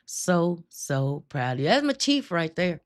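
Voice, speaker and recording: A woman hosting a live stream, telling her testimony with emphatic, drawn-out storytelling and frequent laughter. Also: lowish voice, big pitch swings. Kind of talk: spoken testimony to a live chat.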